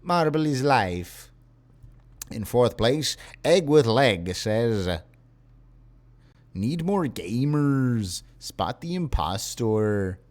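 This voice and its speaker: A tired young man live-streaming, reading viewer messages aloud in a wry, unhurried way. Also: fairly low pitch, darkish tone.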